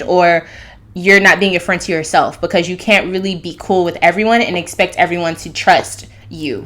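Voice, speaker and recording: A woman's voice: on the low side, fairly bright tone. A woman hosting her own astrology channel, talking casually and loosely, jumping between thoughts. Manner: loose, rambling, fillers and restarts. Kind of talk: casual monologue.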